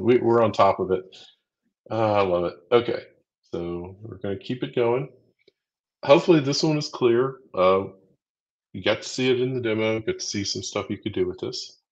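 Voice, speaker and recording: An upbeat, chatty man co-hosts a live training stream, counting down quiz answers and cheering viewers on. His voice sits on the low side. The audio is dull and lo-fi. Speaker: livestream co-host running a quiz. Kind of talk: casual livestream teaching.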